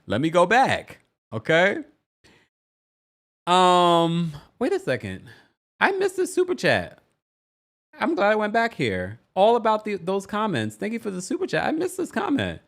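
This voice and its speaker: A man hosting a casual live-stream recap of a reality show, chatty and playful, reading viewer comments and doing quick quoted voices. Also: medium pitch.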